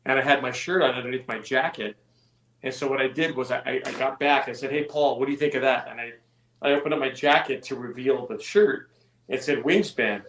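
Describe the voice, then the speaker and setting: A man from California chats as a musician guest, telling relaxed, self-deprecating stories. His voice is mid-pitched and comes through with a roomy echo around it. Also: fairly quick. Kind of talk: casual interview chat. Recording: echoey room.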